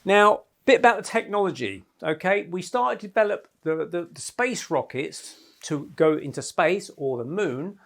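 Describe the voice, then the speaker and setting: A man's voice: high-pitched, expressive, normal speed, gravelly, few pauses, fairly bright tone. A middle-aged man presenting a rambling, chatty talk to a small group in a house. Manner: rambling, chatty, with many fillers.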